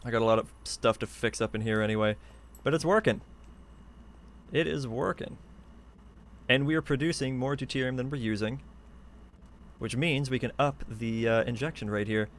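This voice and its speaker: A man of ordinary middle pitch streams a game live and narrates every step as he goes. He sounds chatty and eager. He speaks into a desk microphone in a room at home. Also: moderate pace, pauses often. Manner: chatty, eager, thinks aloud while building. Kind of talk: live gameplay commentary.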